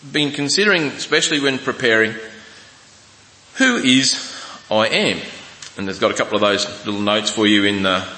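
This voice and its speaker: A man preaching a sermon, reading scripture slowly with restarts and asides. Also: medium pitch, bright, forceful tone. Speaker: pastor. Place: church hall. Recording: echoey church hall.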